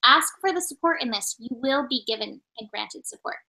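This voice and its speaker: A woman reading oracle cards in a soothing, encouraging way. Her voice is high and bright, with a crisp, sharp edge. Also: expressive, fairly quick, low-quality recording. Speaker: tarot and oracle reader co-host. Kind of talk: card reading, gentle guidance.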